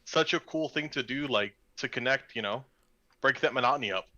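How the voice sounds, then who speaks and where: A co-host of a laid-back wrestling podcast, his voice bright and a little tense. His sound comes through dull and lo-fi, like a cheaper mic. He rambles cheerfully and laughs easily. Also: medium pitch, a little fast. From American South. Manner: chatty, laughs easily, swears casually. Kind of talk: casual wrestling podcast chat.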